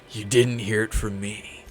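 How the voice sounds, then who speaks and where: A man's voice: on the low side, steady tone, takes it slowly, faint music behind. A man streaming a video game, laughing and making mocking asides to the characters. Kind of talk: gameplay commentary.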